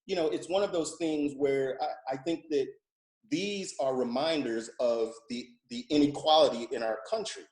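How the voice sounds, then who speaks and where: A man's voice: medium pitch, moderate pace, a little mellow, reverberant. A man speaking as a panelist, thoughtful and hesitant, often repeating phrases. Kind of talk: panel discussion.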